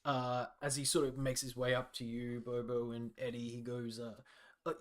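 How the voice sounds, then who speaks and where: A man running a fan-made tabletop role-playing game as game master, relaxed and hesitant, with plenty of fillers. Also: mid-range voice, moderate pace.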